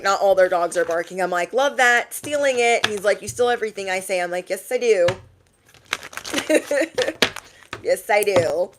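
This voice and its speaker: A woman tarot reader giving a casual message to her viewers, chatty and animated, often laughing and repeating lines for emphasis. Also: mid-range voice, slight background noise. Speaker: tarot reader and motivational YouTuber.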